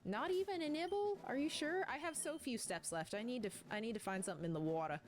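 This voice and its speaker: A woman's voice: on the high side, fast talker, soft background music. A woman streaming a game at home, chatting casually and rambling, often laughing while she reads chat aloud. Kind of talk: casual let's-play chat, reading chat aloud.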